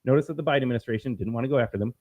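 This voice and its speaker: A man's voice: medium pitch, very fast, a little mellow, muffled recording. A man from Minnesota hosting a solo political commentary stream, talking in a combative, sarcastic and emphatic way.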